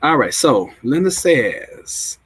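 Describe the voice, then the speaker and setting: A man's voice: fairly high pitch, very animated, slow pace, a bit bright, husky, rough recording. A man in his forties hosting a casual live stream, chatty and emotional as he greets viewers and answers their comments. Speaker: livestream host.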